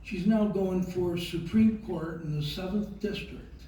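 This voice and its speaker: Older man giving a slow, heartfelt speech in an echoey hall. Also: high voice, warm tone, recorded from a distance, a little hiss or hum. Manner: slow, halting, heartfelt, with many fillers. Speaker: award recipient giving a speech. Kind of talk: speech with a personal story. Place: large event hall.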